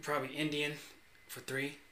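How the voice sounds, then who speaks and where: A man co-hosting a podcast in casual chat, animated and slangy, often saying "bro". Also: a little high, moderate pace. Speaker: podcast co-host. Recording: roomy echo.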